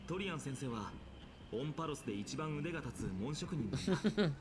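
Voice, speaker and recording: A man voicing a rapid-fire young game companion. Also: fairly high pitch, expressive, natural voice. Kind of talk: Japanese game voice acting. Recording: noisy game audio under commentary.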